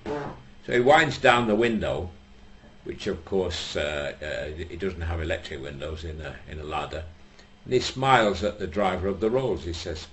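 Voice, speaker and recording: A male comedian telling jokes to an audience, with dry, unhurried storytelling and mock-solemn asides. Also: sits low, lively intonation, a little hiss or hum. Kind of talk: stand-up joke telling.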